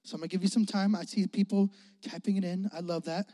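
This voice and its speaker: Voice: mid-range voice, fairly even intonation, quick pace, dark tone. A youth pastor preaching with a casual, joking manner, calling for responses from the crowd and laughing often. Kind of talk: energetic sermon. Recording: long hall reverb.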